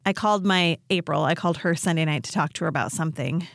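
A woman co-hosting a podcast in casual chat, telling a story with lively quoted voices. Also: sits low, fast, creaky, dry recording, clean studio sound. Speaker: podcast co-host.

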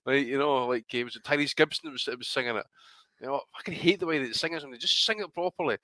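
A man's voice: medium pitch, rapid-fire, pushed and bright, no echo. A man chatting casually about boxing on a podcast, swearing freely and laughing through his banter. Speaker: podcast co-host.

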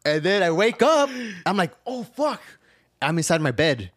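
A man's voice: fairly high pitch, very animated, normal speed, a bit bright, dry recording, clean studio sound. A man telling a rowdy, profane story to a friend, often laughing and acting out what he said back then. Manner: profane, laughing storyteller who acts out his own lines. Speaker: podcast co-host. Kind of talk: casual storytelling chat.

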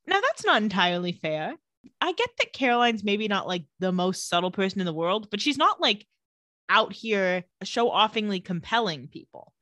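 A woman's voice: mid-range voice, sing-song, moderate pace, bright, forceful tone, no room sound. A woman co-hosting a podcast, recapping a TV episode in a wry, chatty way. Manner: chatty, wry, acts out quotes. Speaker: podcast co-host. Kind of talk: casual TV episode recap chat.

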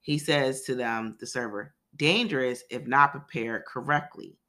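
A man's voice: mid-range voice, unhurried, pushed and bright. Man casually retelling a TV episode. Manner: chatty storyteller, loose and profane. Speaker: podcast co-host.

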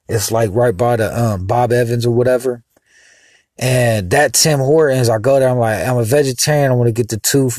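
A man's voice: medium pitch, a little mellow, dry recording. A man hosting a podcast in a casual, rambling monologue, heated and cursing now and then. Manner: rambling and heated, with vulgar asides. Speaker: podcast host.

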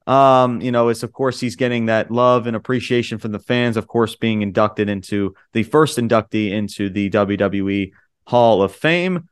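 A man's voice: fairly low pitch, moderate pace, smooth, no room sound, studio quality. A man hosting a podcast, giving a casual wrestling show recap. He rambles, leans hard on fillers like "you know" and "um", and speaks his opinions bluntly. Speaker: podcast host.

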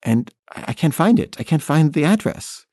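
A filmmaker telling a personal story in first person, wry and candid, laughing at himself. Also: male voice, on the high side, sing-song, normal speed, darkish tone, no echo, studio quality.

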